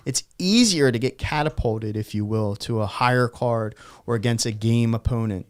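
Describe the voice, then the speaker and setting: Passionate male co-host, smooth voice. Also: medium pitch, moderate pace. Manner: passionate, emphatic, swears when riled. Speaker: podcast co-host. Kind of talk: casual studio chat. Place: studio.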